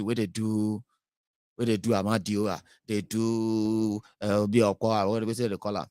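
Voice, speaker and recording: A Nigerian man giving casual political commentary, animated and switching into Pidgin. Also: fairly low pitch, moderate pace, smooth, no echo, clean studio sound. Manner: animated, mixes Pidgin, mimics voices. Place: United Kingdom.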